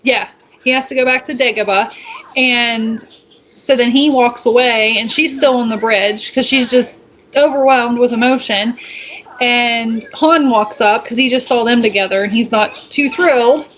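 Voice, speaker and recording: A woman co-hosting a podcast speaks in a high, bright voice. She retells scenes casually, with quick asides and easy laughter. A faint hiss sits under the recording. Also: poor audio. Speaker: podcast co-host. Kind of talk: casual chat.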